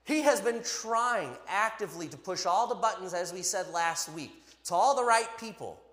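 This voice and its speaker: Animated preacher in an echoing hall. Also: male voice, high voice, moderate pace. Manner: animated, emphatic, playful asides. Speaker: pastor. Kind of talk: sermon. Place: church. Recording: echoey hall.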